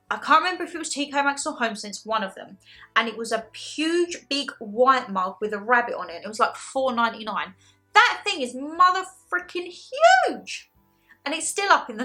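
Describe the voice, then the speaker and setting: A young woman chatting casually in a haul video, animated and self-deprecating, laughing often as she talks. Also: on the high side. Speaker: haul vlogger.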